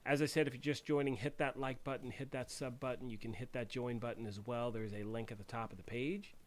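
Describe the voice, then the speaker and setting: A man's voice: medium pitch, steady tone, a little fast, a little hiss or hum. A man hosting a casual live stream, chatting loosely with many fillers and answering viewers. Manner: rambling, conversational, many fillers; reads and answers chat. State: throat clearing after choking on tea. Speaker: livestream host.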